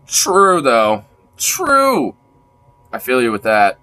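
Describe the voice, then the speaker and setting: A man's voice: mid-range voice, big pitch swings, a little slow, sharp tone. A man chatting casually with his viewers on a livestream, crude and joking. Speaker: streamer.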